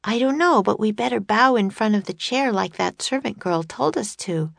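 A woman's voice: mid-range voice, animated, normal speed, gravelly, dry recording, pitched above the performer's own voice. A woman reading aloud and voicing an eager young girl in a children's adventure story. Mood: earnest. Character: eager, bright young girl, quick to speak.

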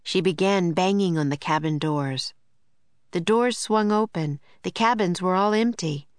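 A woman narrating a children's story in a measured, clear storytelling manner. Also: fairly low pitch, dry recording. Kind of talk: audiobook narration.

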